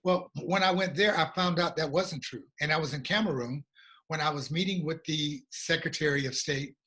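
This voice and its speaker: American guy telling his story, earnest and reflective, a bit high-pitched. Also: a bit bright. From USA. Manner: earnest, reflective, slow at emotional moments. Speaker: guest, regional coordinator. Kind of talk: personal storytelling in a conversation.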